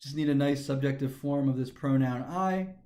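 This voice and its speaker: A man's voice: mid-range voice, moderate pace, mellow. A man teaching a grammar lesson, methodically talking through each step aloud. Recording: echoey room.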